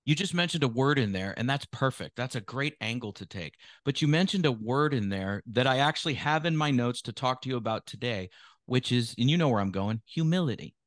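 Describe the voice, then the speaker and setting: Measured male podcast host in his fifties. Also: medium pitch, expressive, dry recording, clean studio sound. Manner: measured, reflective, builds on the guest's points. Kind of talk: casual interview talk.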